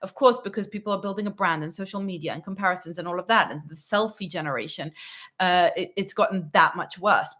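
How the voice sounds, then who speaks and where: A woman with a medium-pitched, sharp-toned voice hosts a parenting channel and answers a viewer's question. Her monologue is casual and emphatic, checking in often with "right?" and "okay," and she acts out quoted parents in little voices.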